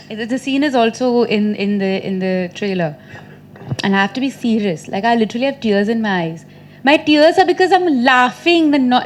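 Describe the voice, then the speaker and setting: A woman in her thirties answering questions at a press conference, chatty and teasing, laughing often. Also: on the high side. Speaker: actress at a press meet.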